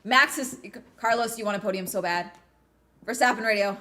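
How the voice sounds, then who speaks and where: A woman streams a live watch-along in a mid-pitched voice, talking casually to her viewers. She is chatty and excitable, cheering loudly at big moments and swearing freely. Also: quick pace.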